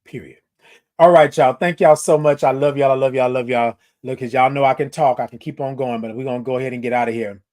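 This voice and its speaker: A medium-pitched man in his forties hosts a live-stream show, chatting casually and warmly with his viewers. He tends to repeat his phrases for emphasis.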